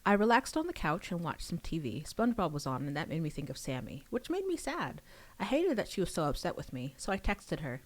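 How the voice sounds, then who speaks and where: A woman reading her own novel aloud on a livestream, pausing for casual chatty asides. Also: low voice, sing-song.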